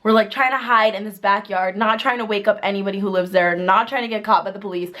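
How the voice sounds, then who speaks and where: A woman in her twenties telling a story to camera in a chatty, filler-heavy way, bursting into excited quoted voices. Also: mid-range voice, fast talker. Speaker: vlogger. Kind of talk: casual storytime vlog.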